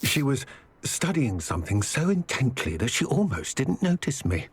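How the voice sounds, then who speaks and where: A formal, solemn goblin. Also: male voice, medium pitch, very animated, breathy edge, full character voice. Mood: grave. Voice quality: measured, formal. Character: solemn adult male goblin ally. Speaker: game character. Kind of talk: voiced game dialogue.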